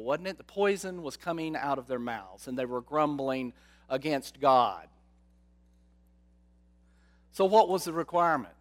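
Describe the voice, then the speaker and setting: Guy giving a sermon, kinda high voice, real slow, lots of questions to the crowd. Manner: slow, dramatic, asks the congregation rhetorical questions. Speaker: preacher.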